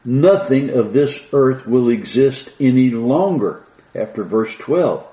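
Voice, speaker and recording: A man preaching a sermon, slowing down and lifting his voice to stress the scripture he reads. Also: medium pitch, expressive, mellow, echoey room, highs cut off. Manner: slow, emphatic reading of scripture with rising stress.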